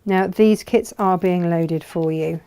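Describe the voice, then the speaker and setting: A woman's voice: fairly low pitch, slow, warm tone. A woman hosting a live textile craft demonstration, chatting and thinking aloud as she works.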